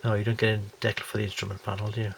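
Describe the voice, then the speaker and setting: A man reviewing scale model kits rambles through an unboxing in casual commentary, full of fillers and restarts, while getting over a lingering cold. His voice is on the low side with a level tone and vocal fry, he talks very fast, and there's background noise.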